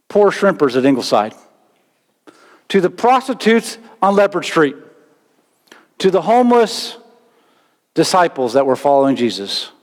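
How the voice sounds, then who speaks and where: Male preacher, higher voice, animated sermon, long church reverb. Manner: animated preaching with sudden loud outbursts. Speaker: pastor. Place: church sanctuary.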